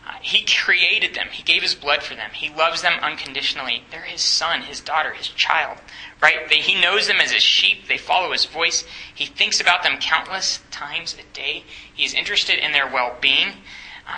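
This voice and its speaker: Bright-voiced young man teaching a Bible study. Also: on the high side, reverberant, rough recording. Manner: conversational, asks the group questions, jokes. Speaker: campus ministry staff teacher.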